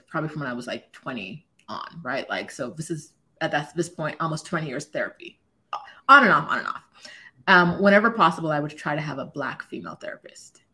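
A woman around forty, a podcast guest, telling a personal story in a casual, animated way and laughing often. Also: low voice. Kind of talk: casual conversation.

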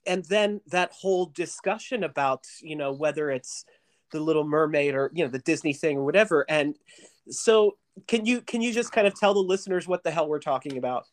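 A man's voice: a little high, lively intonation, a little fast. A man hosting a casual interview podcast, chatting and reminiscing with a guest, with a lot of fillers and restarts. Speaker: podcast host.

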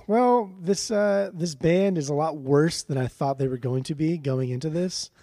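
A man's voice: a little high, normal speed, vocal fry, dark tone, no echo, studio quality. A man co-hosting a podcast, giving a blunt, profane and rambling review of an album in casual chat. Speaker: podcast co-host.

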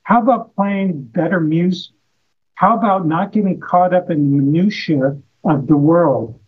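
A man's voice: high-pitched, measured pace, breathy edge. A man talking as a podcast guest, telling stories and asking rhetorical questions. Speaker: guest, health practitioner. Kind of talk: casual conversation. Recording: muffled, dull audio.

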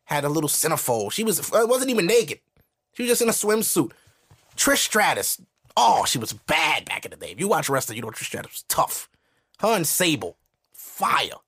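A man hosting a podcast, ranting in casual comedic style, animated and profane. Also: a little high, normal speed. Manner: animated, profane storytelling with voiced asides. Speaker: podcast host.

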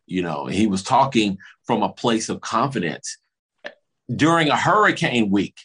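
A man's voice: fairly low pitch, moderate pace, breathy edge. A man co-hosting a casual sports talk show, telling stories and acting out what coaches said. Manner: animated storytelling, acts out coaches' quotes.

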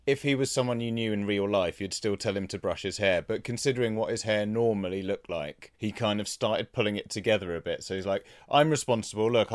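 A man's voice: fairly low pitch, no echo, studio quality. Laid-back man in casual chat. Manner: laid-back, swearing, laughs along.

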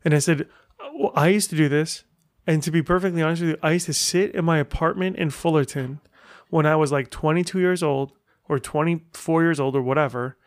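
A man's voice: fairly high pitch, a little fast, no echo, studio quality. A middle-aged man hosting a casual solo podcast, telling stories in a chatty way full of rambling asides. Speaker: podcast host.

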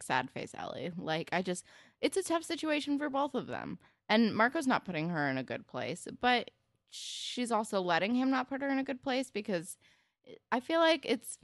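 A woman's voice: lowish voice, no room sound, clean studio sound. A young woman co-hosting a casual recap chat, candid and blunt, swearing when annoyed. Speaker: podcast co-host.

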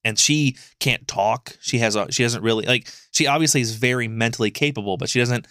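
A man on a casual podcast, chatting in a loose, rambling and animated way, tripping over fillers and dropping swear words. His voice sits at an ordinary middle pitch, and it is recorded close and dry with almost no room sound. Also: brisk, smooth, no echo. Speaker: podcast co-host.

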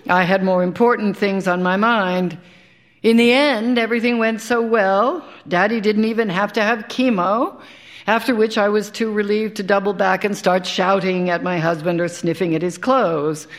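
On a live stage, an actress performs a dramatic reading of a first-person short story, sounding wry and conversational and dropping dry asides. She speaks at a normal speed, with a medium-pitched voice and fairly even intonation.

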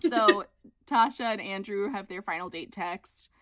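A woman's voice: mid-range voice, unhurried, a bit bright, no room sound. A woman co-hosting a podcast, chatting casually with laid-back, dry asides. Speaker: podcast co-host. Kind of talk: casual recap chat.

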